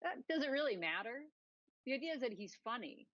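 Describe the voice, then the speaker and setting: A woman's voice: on the high side, sing-song, fairly quick, a bit bright, dry recording, highs cut off. A woman co-hosting a podcast, telling rambling, sarcastic stories in casual political chat. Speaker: podcast co-host.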